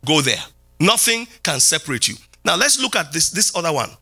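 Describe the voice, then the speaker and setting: Lively, bright-voiced preaching pastor man. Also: a little fast, breathy edge. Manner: preaching with sweeping pitch jumps and repeated phrases. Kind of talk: sermon. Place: church hall.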